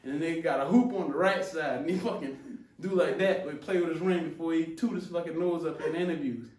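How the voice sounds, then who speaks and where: Laughing stand-up comic in an echoey room. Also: male voice, on the high side, brisk, far from the mic. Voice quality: loud, laughs through his punchlines, slips in impressions. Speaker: stand-up comedian. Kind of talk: stand-up comedy set.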